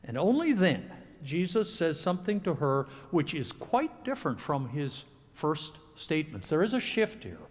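A man preaching a sermon to a congregation, with dramatic pauses and expressive delivery. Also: on the high side, big-room sound. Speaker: pastor. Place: church sanctuary.

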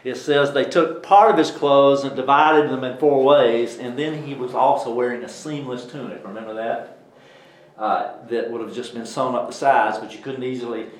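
A man's voice: mid-range voice, fairly even intonation, normal speed. A man teaching a Bible study class in a conversational way, putting questions to the class as he goes. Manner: conversational, asks the class questions, many restarts. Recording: echoey room.

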